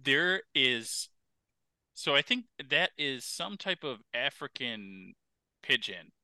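A man co-hosting a podcast, chatting casually and telling stories in an animated way, with many "like" fillers. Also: mid-range voice, slow, dry recording. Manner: animated storyteller, lots of "like" fillers. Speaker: podcast co-host. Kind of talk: casual chat.

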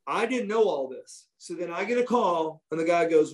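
Man with a slightly high voice, telling stories. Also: animated, normal speed, hardly any pauses. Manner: swears freely, reenacts others' lines in his own telling. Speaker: former wrestler telling stories as a guest. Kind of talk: casual storytelling chat.

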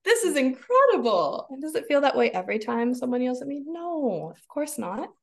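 Podcast guest, woman, 30s; raspy fry, lively and expressive, voices her own thoughts. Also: high voice, fairly quick. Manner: expressive, laughs often, acts out her own inner voice. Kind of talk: casual conversation.

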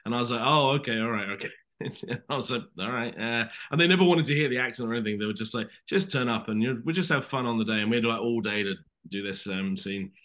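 Fast-talking bright British man. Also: medium pitch. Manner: rambling animated storytelling, says "mate". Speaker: guest actor. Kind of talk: casual podcast interview.

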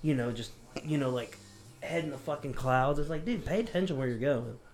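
A man co-hosting a podcast, talking bluntly in relaxed chat and swearing casually. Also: mid-range voice, brisk. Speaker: podcast co-host.

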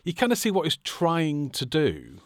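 A man's voice: a little high, huge pitch swings, normal speed, dry recording, clean studio sound. A man from England co-hosting a casual film podcast, wry and thoughtful. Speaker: podcast co-host.

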